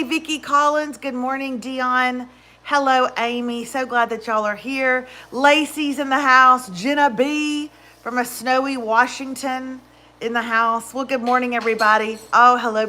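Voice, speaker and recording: A woman, hosting a casual home livestream, chatty and animated, greeting viewers by name. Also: high voice, measured pace. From Texas. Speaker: livestream host. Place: indoors at home.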